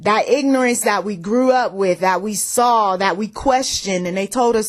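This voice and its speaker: A woman with a slightly higher voice delivers a plainspoken faith message. She talks conversationally, repeats key phrases to drive them home, and keeps checking in with her listeners. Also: animated, normal speed, few pauses. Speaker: faith-based audio message speaker.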